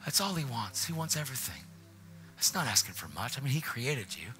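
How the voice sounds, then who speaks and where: A man preaching a passionate sermon in a church, often dropping into hushed whispers. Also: mid-range voice, very animated, a little fast, soft background music. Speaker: guest preacher. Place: church, faint music behind.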